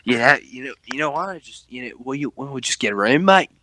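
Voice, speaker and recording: A man's voice: mid-range voice, normal speed, crowd noise, natural voice. A man voicing a boastful six-foot-six pub tough guy who makes crude threats and keeps saying mate.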